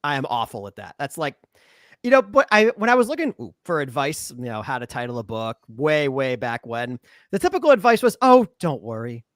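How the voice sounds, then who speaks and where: Lively bright-voiced man, author chatting. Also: mid-range voice, fairly quick, dry recording, clean studio sound. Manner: animated, laughs often, self-deprecating. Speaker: author guest. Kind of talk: casual podcast chat.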